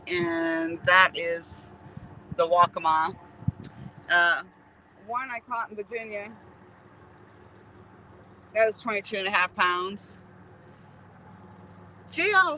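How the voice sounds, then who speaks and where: This woman's medium-pitched voice is bright and forceful, with slight background noise, as she hosts a fishing livestream outdoors by a river. Breathless, she laughs easily in casual live chat, greeting viewers by name.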